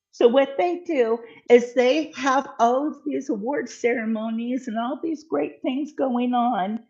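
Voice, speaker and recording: A woman's voice: fairly high pitch, darkish tone. A woman hosting a casual livestream from her home kitchen, chatting in a rambling way with many fillers while she bakes. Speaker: livestream host. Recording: dull lo-fi sound.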